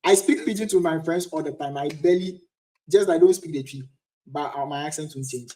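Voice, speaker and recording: Fast-talking Ghanaian man on a livestream. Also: a little high, mellow. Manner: chatty, answers viewers' questions. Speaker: livestream host. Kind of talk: casual live-stream chat.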